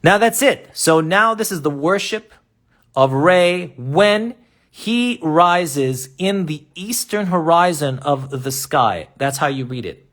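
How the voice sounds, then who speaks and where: A man explaining step by step in a live online lesson, often asking rhetorical questions and pausing to draw. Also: fairly high pitch, animated, a bit bright. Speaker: teacher. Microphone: laptop or phone mic in a live stream.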